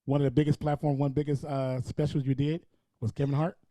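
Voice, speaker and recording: A man hosting a casual interview over a video call, asking eager questions and reacting quickly to his guest. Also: medium pitch, little pitch movement, mellow, dry recording. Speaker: podcast host.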